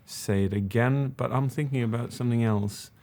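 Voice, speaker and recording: A man's voice: mid-range voice, moderate pace, gravelly, warm tone. A man who analyses public speaking, co-hosting a reaction video. He talks in an earnest, reflective way and is openly moved. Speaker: public speaking expert, co-host.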